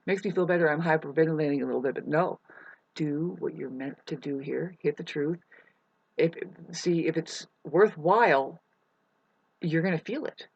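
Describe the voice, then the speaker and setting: A woman's voice: lowish voice, normal speed, husky, dry recording, lo-fi sound. A woman rambling through a casual vlog monologue, drifting between topics, chanting wordless syllables and swearing now and then. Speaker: self-styled influencer. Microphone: webcam.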